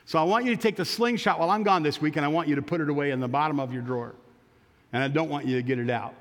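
A man voicing a calm, gentle missionary in a sermon story. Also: on the high side, racing, long reverb tail, close to an everyday voice. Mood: firm. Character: gentle wise male missionary.

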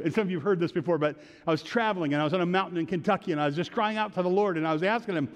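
Man, pastor, earnest conversational sermon, fairly high voice, long hall reverb. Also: lively intonation, racing. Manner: earnest, conversational storytelling with rising emphatic prayers.

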